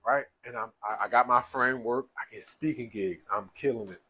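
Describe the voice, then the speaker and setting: A man's voice: mid-range voice, a little fast, pushed and bright, rough recording. A man in casual, slangy conversation, telling an emotional personal story through tears, with many restarts. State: tearful. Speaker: speaker sharing his life story.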